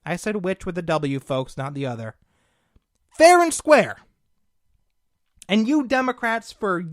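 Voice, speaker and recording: A man's voice: high-pitched, expressive, measured pace, long pauses, no echo, clean studio sound. Indignant man hosting talk radio. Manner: combative, indignant, sarcastic, addresses listeners as folks. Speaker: political talk show host. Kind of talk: opinionated political commentary.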